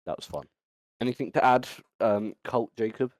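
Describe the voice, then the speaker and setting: A man's voice: mid-range voice, normal speed, a little mellow, no echo. A man hosting a casual podcast chat, rambling with many ums and restarts. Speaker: podcast host.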